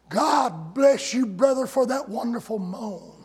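Husky high-voiced preacher, slow and drawn out, folksy sarcasm, shouts on the big points. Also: male voice, lively intonation. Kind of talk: sermon.

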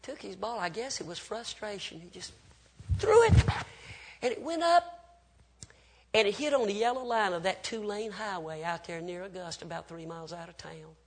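A preacher with a high voice tells a story from the pulpit. He drops to near whispers, then rises into loud cries as he acts out each person in the tale. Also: brisk, hardly any pauses. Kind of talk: dramatic sermon storytelling.

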